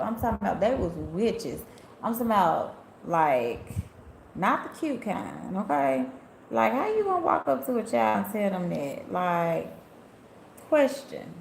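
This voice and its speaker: Sassy woman with a gravelly voice. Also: mid-range voice, very animated, moderate pace, slight background noise. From Memphis, USA. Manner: sassy, chatty storyteller who laughs often and talks straight to her viewers. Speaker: tarot reader and spiritual healer hosting a live stream. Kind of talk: casual live-stream chat, reading viewer comments. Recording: echoey room.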